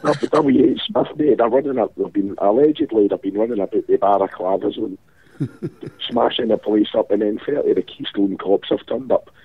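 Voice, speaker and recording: Husky Glasgow man on a phone line. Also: on the low side, moderate pace, no room sound. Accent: Scottish, Glasgow. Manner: rambling, sweary banter. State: ill with a cold, rough-voiced. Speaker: caller. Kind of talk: casual chat.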